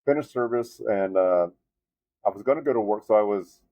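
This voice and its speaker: A man in his fifties, an Army veteran, telling a story in a casual interview and jumping up in pitch when he is exasperated. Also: brisk, phone-quality sound. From United States. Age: 50s. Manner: animated storyteller, voice jumps up in disbelief.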